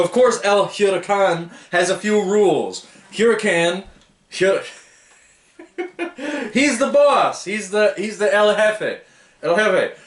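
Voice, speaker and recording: Casual male book reviewer, a touch high-pitched, rambling delivery in a roomy echo. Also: a bit bright. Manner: rambling, stumbles over names and laughs at himself.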